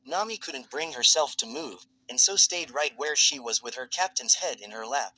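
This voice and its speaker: A man reads a piece of fan fiction in a steady, even way at normal speed. His middle-pitched voice has a bright, forward edge, and the recording is rough.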